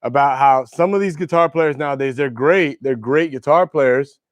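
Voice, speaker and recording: A young man hosts a livestream, telling loose, profane, rambling stories about guitars in casual chat. He speaks at normal speed in a medium-pitched voice, with no room sound.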